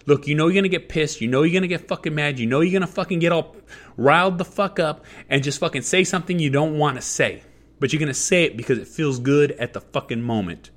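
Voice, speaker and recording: A man hosting a podcast, giving blunt life advice in an emphatic, profanity-heavy monologue that circles back on its points. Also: mid-range voice. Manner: emphatic, heavy swearing, repetitive. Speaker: podcast host.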